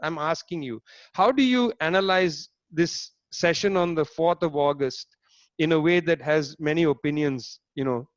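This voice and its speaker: A man lectures in a fairly high, emphatic voice, sardonic and pointed, often throwing rhetorical questions at his listeners. The sound is dry and close, a little dull, as from an online talk. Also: normal speed, no echo. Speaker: speaker giving a political lecture. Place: online talk, home setup.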